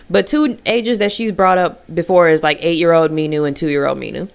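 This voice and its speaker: A young woman vlogging, telling a personal story in a casual, animated way and jumping into high, mocking voices. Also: fairly quick, vocal fry, few pauses.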